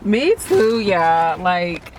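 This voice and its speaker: A woman's voice: fairly low pitch, very animated, extremely slow, background noise. A woman hosting a casual interview, emphatic and encouraging as she speaks to her viewers. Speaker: host.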